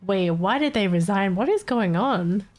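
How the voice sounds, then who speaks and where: A woman's voice: medium pitch, lively intonation, normal speed, darkish tone, soft background music. A young woman streaming live, chatting casually with her chat, swearing and laughing often, her nose blocked so she sounds stuffy.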